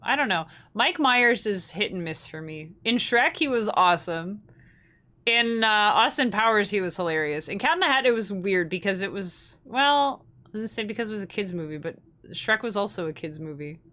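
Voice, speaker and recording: A woman's voice: mid-range voice, lively intonation, normal speed, sharp tone. A young woman, hosting a livestream in casual, rambling chat and laughing often. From Canada. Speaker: livestream host.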